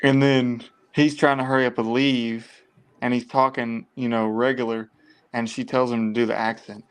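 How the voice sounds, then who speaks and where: A man chatting casually about a film, recounting favorite scenes in a relaxed, easygoing way. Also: medium pitch, normal speed, clear, resonant tone. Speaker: movie podcast co-host.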